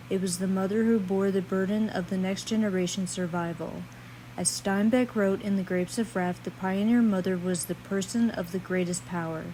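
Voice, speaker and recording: Monotone woman hosting a history video. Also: medium pitch, a little hiss or hum, low-quality recording. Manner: monotone reading. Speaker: host. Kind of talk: scripted narration.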